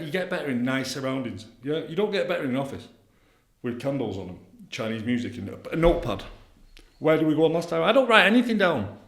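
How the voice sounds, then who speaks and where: A man, an addiction counsellor, talking bluntly and boastfully in a podcast chat, swearing freely. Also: a little high. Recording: echoey room.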